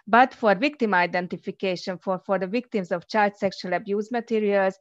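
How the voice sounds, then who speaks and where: A woman speaks as an on a conference panel, choosing her words carefully and pausing on frequent fillers. Her voice sits in an ordinary middle pitch. The sound is dry and a little muffled, as on a video call. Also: no room sound. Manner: careful, hesitant, many fillers.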